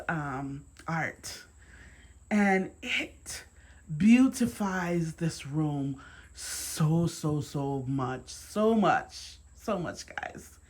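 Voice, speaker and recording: A woman with a Jamaican accent, chatting to camera in her dining room as a home decor vlogger, repeating words and breaking into excited exclamations. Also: lowish voice. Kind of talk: casual chat to camera.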